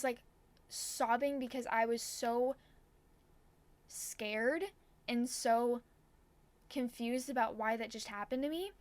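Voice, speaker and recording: A woman in her twenties telling a personal story to camera, chatty and full of "like". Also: fairly high pitch. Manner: chatty, heavy use of "like". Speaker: vlogger. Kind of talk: storytime vlog.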